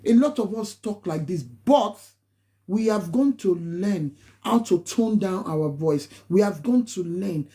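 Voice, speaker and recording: A Nigerian woman nurse talks to her live-stream viewers in a warm, mellow voice. She lectures emphatically, hammering points home through repetition. Pidgin and Yoruba phrases slip into her accented English. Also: mid-range voice, animated, unhurried. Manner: emphatic, preachy, repeats phrases for stress. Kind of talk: casual live-stream advice talk.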